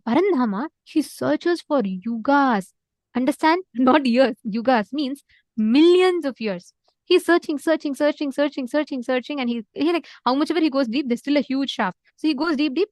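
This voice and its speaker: Woman, high voice, dry close sound, animated storyteller in an online class, repeats words and uses many fillers. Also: brisk, no echo. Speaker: spiritual teacher.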